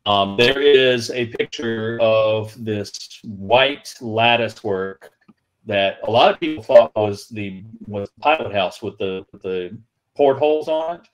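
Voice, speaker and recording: A man on a video call telling a halting, rambling anecdote about a museum ship, with many restarts. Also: on the low side, low-quality recording. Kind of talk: livestream storytelling. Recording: video call audio, feed breaking up.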